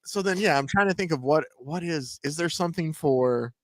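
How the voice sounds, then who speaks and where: A man's voice: on the high side, moderate pace, dry recording. A man co-hosting a sports talk show, chatting in an easygoing, conversational way. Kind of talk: casual chat.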